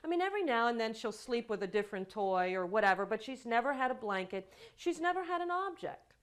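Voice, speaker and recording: A woman lecturing a class on child development, telling examples with animated quoted dialogue. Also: fairly high pitch, fast talker, smooth. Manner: storytelling with acted quotes, animated delivery.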